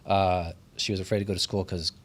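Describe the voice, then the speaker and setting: A man's voice: sits low, level tone, a little fast. A young adult man, a guest on a podcast, telling stories about his daughter in a thoughtful, chatty way full of likes. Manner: thoughtful, storytelling, lots of likes. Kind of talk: casual chat.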